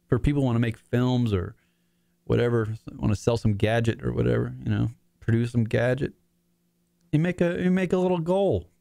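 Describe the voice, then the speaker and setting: A man's voice: medium pitch, vocal fry, darkish tone, no room sound. A man in his forties hosting his own talk show from his apartment, rambling and swearing as he fights back tears. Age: 40s. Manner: rambling, profane, choked up near tears. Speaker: podcast host. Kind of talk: emotional casual monologue.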